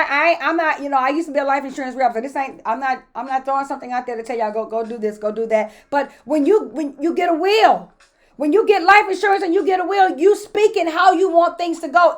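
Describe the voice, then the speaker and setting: High-voiced woman pastor talking casually. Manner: conversational and colloquial, repeats words as she builds a point; greets viewers by name between points. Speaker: pastor and host. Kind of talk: casual motivational talk to live viewers.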